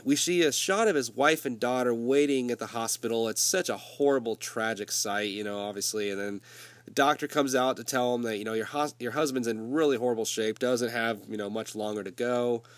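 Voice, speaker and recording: A man's voice: medium pitch, a little fast, no room sound. Man with a summer cold, laid-back swearing recap host, dry close sound. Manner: loose, swearing, conversational storytelling. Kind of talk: casual profane movie recap.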